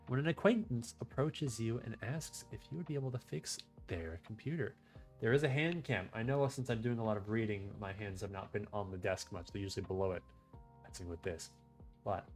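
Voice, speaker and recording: A man with a lowish voice streams a game, reading its text out loud and chatting casually, relaxed and letting his sentences trail off.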